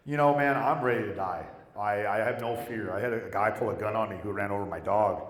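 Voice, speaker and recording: A man's voice: fairly low pitch, fairly quick. A middle-aged man telling rambling, profane stories as a guest on a convention panel. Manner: rambling, profane, animated storytelling with whoops. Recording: echoey hall with long reverb.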